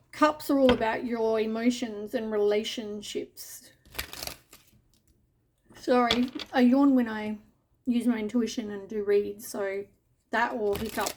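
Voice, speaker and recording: A woman reads tarot cards in a casual, chatty way, speaking to the listener as "you". Her voice sits a little high, and she takes her time, with unhurried pauses between thoughts. She mixes mild swearing and offhand asides into the reading. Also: background noise. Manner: addresses the listener directly as you. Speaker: tarot reader.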